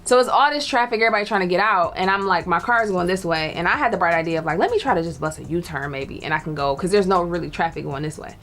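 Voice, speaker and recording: A woman's voice: lowish voice, rapid-fire, hardly any pauses, a bit bright, slight background noise. A young woman telling a story in casual chat, laughing and acting out the voices of people she quotes. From Detroit. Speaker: guest storyteller.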